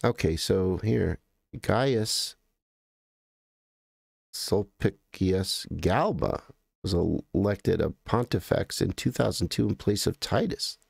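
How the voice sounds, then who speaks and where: An American man hosting a live stream, chatting casually and in a halting, rambling way as he greets viewers by name. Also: sits low, animated, vocal fry, a little mellow, slightly rough, dry recording, clean studio sound.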